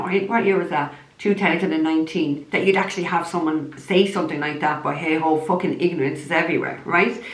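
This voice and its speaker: A woman's voice: sits low, fairly bright tone. An Irish woman, a psychic medium, ranting bluntly to camera, swearing heavily in a heated tone. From Ireland. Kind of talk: angry direct-to-camera rant. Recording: roomy echo.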